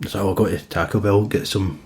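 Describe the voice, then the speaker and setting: A man's voice: low voice, fairly even intonation, fairly quick, darkish tone. A young man with a Glaswegian accent, co-hosting a podcast, telling sweary, laughing stories and acting out the quotes he tells. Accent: Scottish, Glaswegian. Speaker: podcast co-host. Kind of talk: casual chat.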